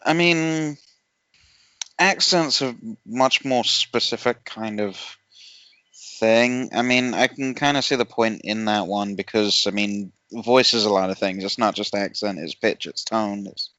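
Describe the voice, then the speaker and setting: Low bright-toned man, needling banter. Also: measured pace, dry recording. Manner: provocative, needling. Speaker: podcast co-host. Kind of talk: casual chat. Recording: dull, dry lo-fi audio.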